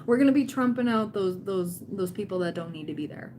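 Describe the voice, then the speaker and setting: A woman's voice: on the low side, expressive, brisk, a little mellow, a little hiss or hum. Chatty encouraging woman livestream host. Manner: chatty, encouraging, quotes people in playful voices. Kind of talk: casual livestream chat.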